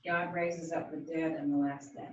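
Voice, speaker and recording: A student answering in class, working through slowly with many pauses. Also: mid-range voice, level tone. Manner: slow, hesitant, many ums. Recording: echoey, distant, lo-fi classroom audio.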